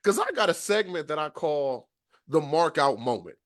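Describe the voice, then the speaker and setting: A man hosting a podcast interview, lively and hyped in casual talk. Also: on the high side, moderate pace. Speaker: podcast host.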